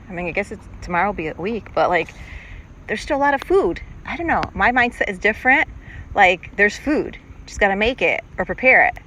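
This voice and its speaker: A woman's voice: mid-range voice, pushed and bright, low-quality recording. A middle-aged woman hosting a podcast, talking in a rambling, chatty and self-reflective way while out on a lake. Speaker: podcast host. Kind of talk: casual monologue. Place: outdoors on a lake, on a paddleboard. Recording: outdoor lake recording with boat noise. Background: boats passing on the water.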